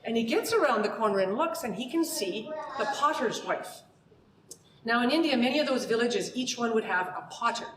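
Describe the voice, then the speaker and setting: Lively woman storyteller in a roomy hall. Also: on the high side, moderate pace, noisy background. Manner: lively, conversational, uses asides to the listeners. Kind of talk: oral storytelling for children and families. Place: community centre room before a live audience. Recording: roomy hall recording from a distance.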